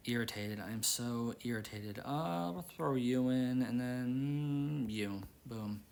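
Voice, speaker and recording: A man's voice: medium pitch, slow pace, gravelly, a little mellow. A young man hosting a game channel, rambling and exasperated as he vents about work while playing. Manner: rambling, exasperated, repeats himself. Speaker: gaming channel host. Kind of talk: casual gameplay commentary with venting.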